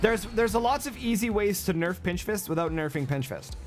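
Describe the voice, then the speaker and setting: Brash, high-voiced man streaming a game. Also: expressive, brisk, soft background music. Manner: brash, joking, coaching viewers. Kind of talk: game livestream commentary.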